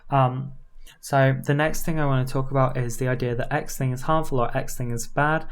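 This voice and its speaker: Woman voice coach, super low voice, loose chatty lesson, lots of um and right?. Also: fairly quick. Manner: relaxed and informal, with frequent fillers and tag questions; slips into demonstration voices. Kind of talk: casual voice-training lesson.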